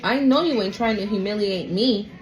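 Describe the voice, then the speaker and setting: A woman's voice: medium pitch, moderate pace, soft background music, rough recording. A woman reading tarot for a collective, casually retelling a story with lots of swearing and a habit of asking "right?". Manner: chatty, profane, keeps asking "right?". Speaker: tarot reader addressing a collective.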